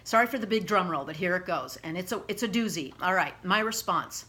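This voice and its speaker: A woman with a bright, forceful tone reads her own letter aloud to her viewers. She speaks with passion and emphasis, breaking off for asides and filler words. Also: on the low side, animated, brisk, hardly any pauses. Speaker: animal rights activist vlogger.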